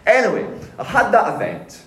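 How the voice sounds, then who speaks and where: Animated man telling his testimony. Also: sits high, normal speed, a crowd in the background. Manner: animated, self-mocking, casual slang. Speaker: pastor giving a testimony. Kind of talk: storytelling sermon testimony. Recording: roomy hall echo.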